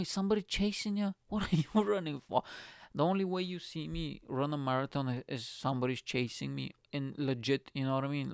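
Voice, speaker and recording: A man, a comedian hosting his own show, ranting in a profane, animated way about people he finds baffling. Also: on the high side, gravelly, no echo, clean studio sound. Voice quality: profane, fast-swinging rant. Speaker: comedian host. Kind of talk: comedic rant.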